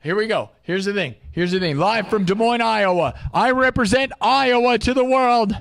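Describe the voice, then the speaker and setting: An American man hosting a live music stream, rambling in a casual, excitable rant full of "dude" that swings from low mumbles to loud bursts. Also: moderate pace, vocal fry, big-room sound. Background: faint looped music.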